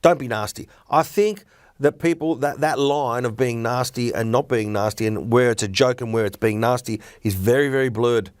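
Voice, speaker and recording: A man's voice: mid-range voice, moderate pace, clear, resonant tone, no echo. A middle-aged man, a stand-up comedian talking bluntly and animatedly in a casual podcast chat. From Australia. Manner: blunt, opinionated, animated storytelling.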